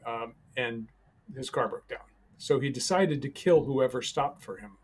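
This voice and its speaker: With a breathy edge to his medium-pitched voice, a man guesting on a podcast relates a personal story. His delivery is calm but halting, full of pauses and restarts.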